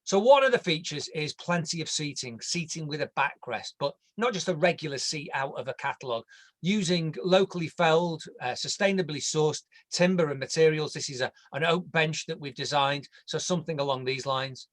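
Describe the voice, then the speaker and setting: A man's voice: on the high side, fairly quick. A man with an English accent presenting a landscape design online in a chatty, jokey way, sometimes tripping over his words.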